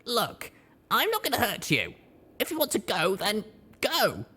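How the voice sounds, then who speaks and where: A woman's voice: medium pitch, huge pitch swings, unhurried, sharp tone, breathy edge, heavily acted. A woman voicing a tough, blunt young mare who speaks with dry sarcasm in an audiobook. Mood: wry. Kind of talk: audiobook character voice.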